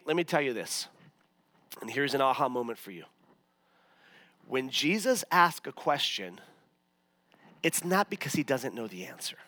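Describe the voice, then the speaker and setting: A man's voice: on the high side, sharp tone, no room sound. A man, a pastor, preaching a sermon in a conversational, self-mocking way. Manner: conversational, self-mocking, many fillers and restarts.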